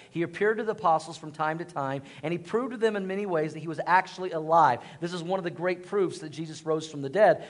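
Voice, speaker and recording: A man preaching a sermon as pastor, telling a humorous story about himself and calling on the congregation to respond. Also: a little high. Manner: animated storytelling with self-deprecating humor.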